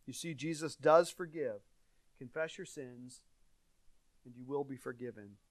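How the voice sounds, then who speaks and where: A man's voice: mid-range voice, measured pace, no echo. A male pastor delivering an earnest, conversational sermon, his volume swelling and dropping for emphasis. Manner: earnest, conversational preaching with dynamic swings in volume.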